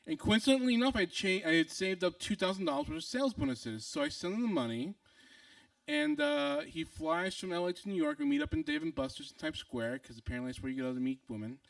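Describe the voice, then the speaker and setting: A man's voice: sits high, big pitch swings, fast talker, vocal fry, no room sound, recorded from a distance. A young adult man telling a comic personal story to an audience, acting out other people's lines between fillers and restarts.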